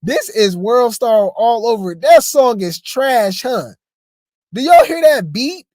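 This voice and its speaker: A man's voice: very high voice, very animated, slow pace, darkish tone, no echo, clean studio sound. A man giving casual reaction commentary on video clips, chatty and stammering, throwing asides to his viewers. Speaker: commentary host.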